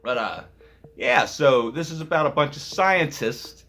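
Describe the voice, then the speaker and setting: A man's voice: a little high, lively intonation, normal speed, bright, forceful tone, soft background music. A man casually reviewing an old movie on his vlog, rambling and joking with profane asides.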